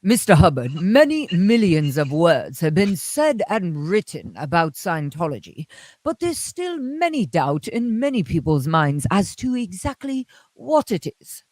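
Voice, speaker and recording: A woman impersonating a formal male television interviewer who asks slow, stiff questions. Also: lowish voice, very animated, a little mellow, dry recording.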